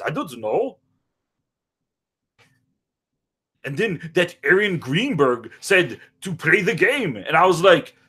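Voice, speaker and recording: A boastful, foul-mouthed action movie star rambles through a comedic parody interview in a high, raised voice, as a man puts him on. He jumps from story to story and breaks into bursts of shouting and sing-song. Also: breathy edge, full character voice. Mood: rambling boastful.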